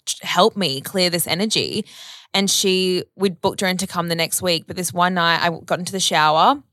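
A woman's voice: lowish voice, fairly bright tone, no room sound, clean studio sound. A woman, telling a long story in casual chat, rambling with lots of "like" and casual swearing.

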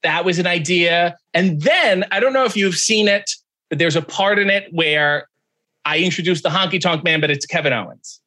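On a podcast where he's the guest, a man tells a story in casual conversation, animatedly acting out the voices of the people in it. His voice sits high and he talks at a normal speed.

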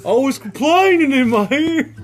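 A man's voice: very high voice, lively intonation, moderate pace, soft background music. A man co-hosting a podcast, talking loosely and profanely and laughing often in casual banter. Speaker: podcast co-host.

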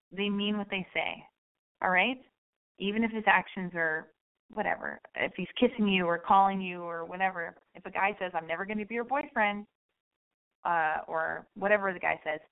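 Frank, rambling woman radio host. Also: mid-range voice. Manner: candid, rambling, frank and profane. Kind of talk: call-in advice show chat. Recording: phone-like narrow band.

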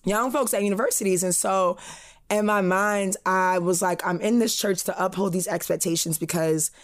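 A young woman talks in a relaxed podcast chat. She tells stories with animation and voices the people she quotes, at a middling pitch. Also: normal speed. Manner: animated storytelling, acts out quoted voices, frequent laughs. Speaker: podcast co-host. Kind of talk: casual chat.

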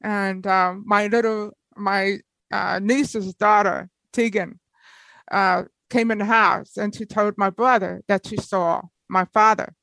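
Woman guest, lively storyteller, mid-pitched, dry close sound. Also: slow, vocal fry, dry recording, rough recording. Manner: animated, lively storyteller, laughs often. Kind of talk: personal storytelling in conversation.

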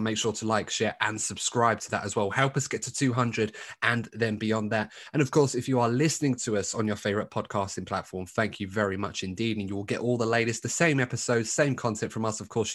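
A man's voice: lowish voice, fairly bright tone. A man co-hosting a podcast, chatting casually with many asides and restarts. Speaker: podcast co-host.

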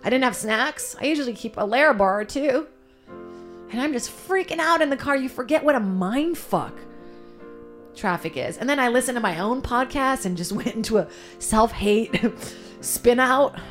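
A woman co-hosting a podcast, with a nasal voice, talking bluntly and swearing as she tells animated stories in casual chat. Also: on the high side, normal speed, soft background music. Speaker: podcast co-host.

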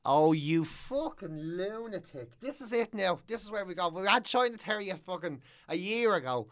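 A man's voice: sits high, animated, moderate pace, a bit bright. An Irish man on a podcast, talking bluntly and swearing a lot as he scoffs at his co-host's stories. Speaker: podcast co-host. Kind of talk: casual chat.

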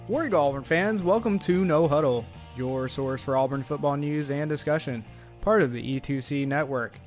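A man's voice: fairly high pitch, normal speed, soft background music. A man hosting a casual sports podcast, talking in bursts with lots of fillers and restarts. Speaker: podcast host.

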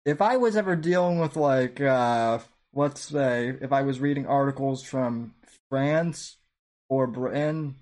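A man's voice: mid-range voice, darkish tone. Rambling, self-mocking male podcaster. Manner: rambling, self-deprecating, restarts often. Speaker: podcast host. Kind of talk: casual reflective commentary.

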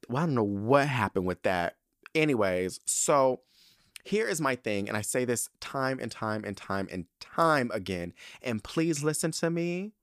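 A young man hosting a podcast, telling a story in a sassy, animated way with lots of emphatic repetition. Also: medium pitch, dry recording, clean studio sound. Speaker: podcast host. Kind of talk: casual podcast monologue.

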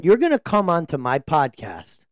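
Leaning close into a table microphone, a man co-hosts a casual podcast from a home laundry room, teasing his guests and laughing often. His voice is fairly high, with wildly swooping pitch at a normal speed, and there's no room sound.

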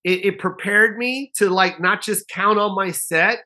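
A man's voice: high-pitched, unhurried, pushed and bright. A man in his forties, a stand-up comedian, telling a long story in a casual interview, acting out the voices of other people, swearing and laughing often.

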